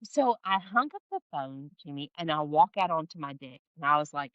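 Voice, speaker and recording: Bright-voiced woman telling a story with emphasis. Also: low-pitched, fairly quick, few pauses, dry recording, dull audio. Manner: expressive, acts out quoted voices, emphatic repetition. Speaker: podcast guest, spiritual guide. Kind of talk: animated storytelling in conversation.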